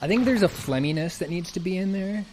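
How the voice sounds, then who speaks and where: A man's voice: sits high, expressive, fast talker, a little mellow, soft background music. Rambling male voice actor chatting. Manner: rambling, many restarts and fillers. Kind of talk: casual chat.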